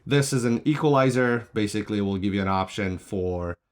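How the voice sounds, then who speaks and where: A man with a somewhat low voice talks through a product demo. He explains each button and port in a plain, matter-of-fact way, recorded on a shotgun mic. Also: fairly quick. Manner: plain explanatory, pointing out features one by one. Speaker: product reviewer. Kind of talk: casual product demo walkthrough. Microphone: shotgun mic on a stand.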